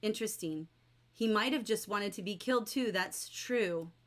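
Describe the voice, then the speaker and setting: A woman teacher leading a livestreamed novel study, chatty and lively as she reads quotes aloud and answers viewers in the chat. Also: medium pitch, moderate pace. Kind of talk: livestreamed book discussion, reading chat aloud.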